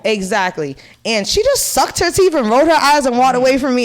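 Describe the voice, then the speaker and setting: A woman's voice: high-pitched, expressive, brisk, slight background noise. A Puerto Rican woman in her thirties, co-hosting a podcast, telling a family story in casual, blunt and profane chat. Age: 30s. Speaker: podcast co-host.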